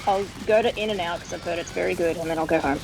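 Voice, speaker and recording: A woman's voice: lowish voice, fast talker, gravelly, noisy background. A woman with an Australian accent, calling in to a stream for a casual chat. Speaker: guest caller.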